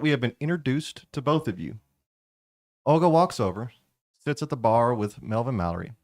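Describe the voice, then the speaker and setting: Man running a tabletop game, lively pitch, dry close sound, casual storytelling. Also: moderate pace, dry recording. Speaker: game master.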